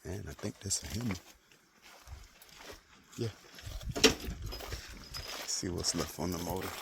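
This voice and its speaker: A man's voice: deep voice, takes it slowly, gravelly, heavy background noise. A man casually talking through a car vlog in loose slang, trailing off with fillers as he shows off his vehicle and home. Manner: laid-back slangy talk, trailing off with fillers. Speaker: car vlogger.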